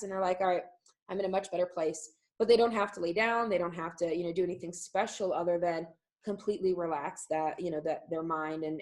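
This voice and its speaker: A woman's voice: fairly low pitch, poor audio. A woman dog trainer explaining a method in a live online class, talking loosely with many fillers.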